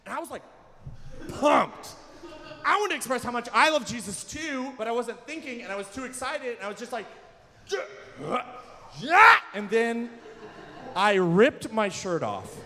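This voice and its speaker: High, bright-voiced young man doing stand-up. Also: normal speed, long pauses, a little hiss or hum. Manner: self-deprecating, animated storytelling with sudden shouts. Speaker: stand-up comedian. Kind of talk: stand-up comedy at a live church event. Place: large hall, live event. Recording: long hall reverb from a live venue.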